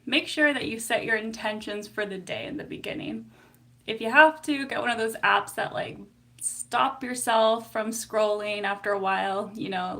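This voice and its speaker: Chatty woman with vocal fry. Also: medium pitch, a bit bright. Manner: chatty and giggly, many fillers like "like". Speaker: psychotherapist. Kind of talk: casual live-stream chat.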